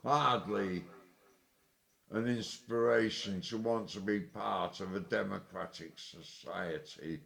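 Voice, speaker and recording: A tipsy man delivering an angry, sweary, rambling monologue, with sudden loud outbursts. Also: fairly low pitch, slow pace, creaky. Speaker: vlogger. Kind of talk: ranting monologue.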